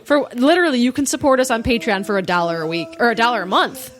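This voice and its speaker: A woman's voice: fairly high pitch, lively intonation, fast talker, faint music behind. A woman hosting a comedy podcast, bubbly and playful, laughing between lines. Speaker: podcast host.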